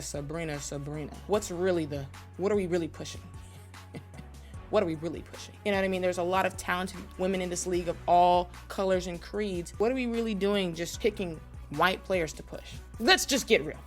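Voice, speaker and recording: Female host, mock-serious sarcastic rant, slightly low voice, faint music bed. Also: brisk. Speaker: basketball commentary channel host.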